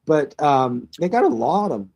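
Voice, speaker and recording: A man's voice: a little high, big pitch swings, a little slow, darkish tone. A man co-hosting a casual reaction chat about a TV episode, talking in an easygoing, slangy way and often saying "dude". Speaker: co-host.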